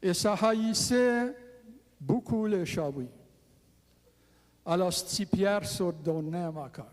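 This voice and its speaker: A man with a Cajun accent telling folk tales in an unhurried, deliberate way. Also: sits high, long reverb tail. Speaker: storyteller.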